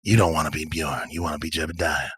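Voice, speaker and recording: A man's voice: very deep voice, steady tone, fast, a bit bright, breathy edge, no echo, studio quality, voice pushed down, exaggerated voice. A man playing a drawling, laid-back mind-reader. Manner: drawling, easygoing, probing.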